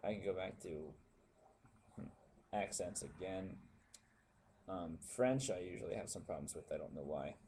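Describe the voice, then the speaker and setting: A young man rambling casually to his webcam with many pauses and fillers. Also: low voice, vocal fry, darkish tone, slight background noise. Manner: meandering, unscripted, many fillers. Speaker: vlogger.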